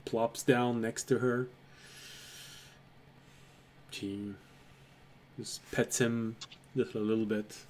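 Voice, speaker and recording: A man narrating as game master of a tabletop game, relaxed and laughing often. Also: medium pitch, drawn-out words, long pauses, slight background noise.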